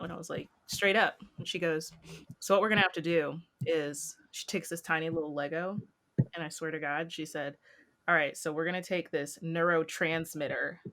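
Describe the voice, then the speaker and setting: A young woman co-hosting a casual podcast, telling a funny family story and acting out the quotes in a high, animated voice. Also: slight background noise. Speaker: podcast co-host.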